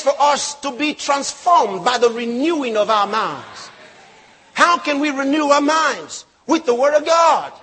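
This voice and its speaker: A man preaching a sermon with emphatic delivery, rising to shouts and acting out quoted voices. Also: extremely high pitch, very animated, a little slow, a little hiss or hum. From not raised locally; born in another country.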